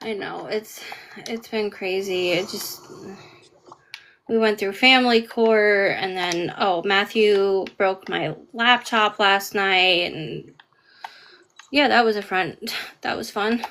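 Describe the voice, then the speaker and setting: A woman's voice: medium pitch, takes it slowly, slight background noise. A woman hosting a live stream, angrily calling out a rude commenter, swearing and raising her voice. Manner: angry, yelling at a commenter, swearing. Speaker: TikTok live host. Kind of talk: heated livestream chat.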